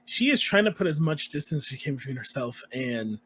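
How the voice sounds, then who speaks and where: A man's voice: mid-range voice, big pitch swings, a little fast, fairly bright tone, a little hiss or hum. A man voicing his character in a tabletop role-play game, talking in a rambling way. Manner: rambling, many fillers and restarts. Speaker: player.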